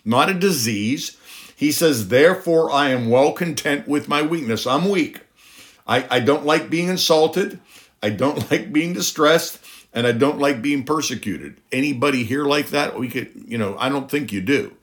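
A man's voice: medium pitch, lively intonation, normal speed. A middle-aged man preaching a sermon, emphatic, with rhetorical questions and a voice that climbs on key points.

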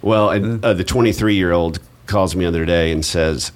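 Chatty middle-aged man, very deep voice. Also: normal speed. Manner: relaxed, self-deprecating, chatty. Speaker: podcast host. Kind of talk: casual podcast chat.

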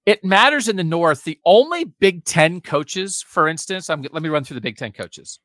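Animated, lively sports talker. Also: male voice, on the high side, moderate pace, dry recording, studio quality. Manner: animated, emphatic, sarcastic asides. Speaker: sports podcast co-host. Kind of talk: opinionated sports talk.

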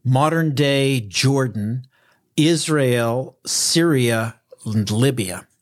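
A man's voice: medium pitch, extremely slow. A man hosting a casual bible discussion, telling the story with laughter and acting out the characters. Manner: animated storyteller, laughs often, acts out characters. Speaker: bible study podcast host.

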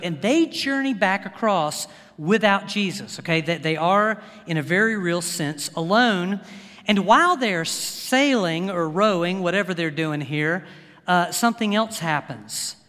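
A man preaching a sermon as pastor, animated, with his voice climbing for emphasis. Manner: animated, rising pitch for emphasis, laughs often. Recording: hall reverb.

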